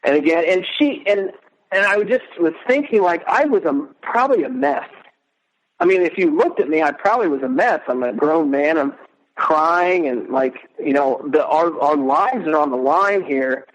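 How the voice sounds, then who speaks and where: A middle-aged man speaking as an interview guest, earnest and emotional, halting as he recounts. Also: fairly high pitch, expressive, highs cut off. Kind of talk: casual interview.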